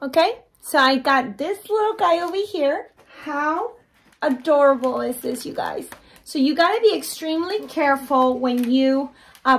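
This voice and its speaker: A woman giving a DIY tutorial as a balloon decorator, chatting to viewers and gushing over her work. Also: high-pitched. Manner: chatty, keeps addressing viewers as "you guys".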